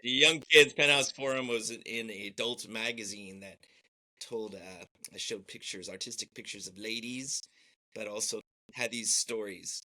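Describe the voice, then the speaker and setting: A man's voice: lowish voice, normal speed, sharp tone. A man co-hosting a podcast, chiming in with dry, crude wisecracks about a film. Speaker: podcast co-host. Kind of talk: casual film chat.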